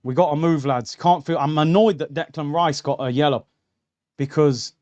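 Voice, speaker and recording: A young man with a slightly high, somewhat mellow voice, speaking at a moderate pace, hosts a live football watchalong on a streaming mic. He reacts heatedly and refers to his viewers as lads and bro.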